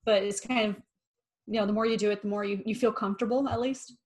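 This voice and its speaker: American woman co-host, measured. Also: medium pitch, steady tone. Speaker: podcast co-host, guest. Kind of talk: casual interview chat.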